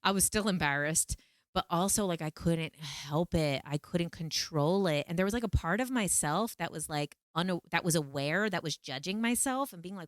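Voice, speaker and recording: A woman vlogger telling a personal story to camera in a casual, animated, emphatic way. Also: on the low side, normal speed, no room sound, studio quality. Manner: animated, emphatic, repeats phrases for effect.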